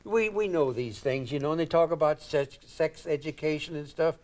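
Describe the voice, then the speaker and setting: A man's voice: on the high side, moderate pace. An older man from Indiana, a guest comedian, telling rambling anecdotes with chuckles and acted-out quotes. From Indiana, United States. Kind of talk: anecdotal talk-show storytelling.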